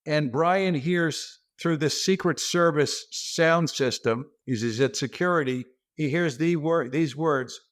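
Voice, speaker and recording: Man, comedian, slightly high voice, animated, self-deprecating, video call. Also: takes it slowly, few pauses. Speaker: stand-up comedian guest. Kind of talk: comic storytelling.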